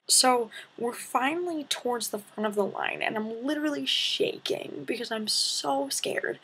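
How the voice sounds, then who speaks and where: Very breathy teenage girl vlogging. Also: fairly high pitch, normal speed, few pauses. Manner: animated, dramatic retelling with breathy asides. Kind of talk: casual storytelling to camera.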